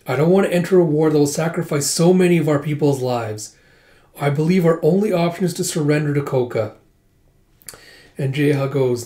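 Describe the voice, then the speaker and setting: Guy doing a manga readthrough, mellow voice, echoey room. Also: a little high, brisk. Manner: retells dialogue with "it's like", chuckling. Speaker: manga reader. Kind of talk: casual comic readthrough.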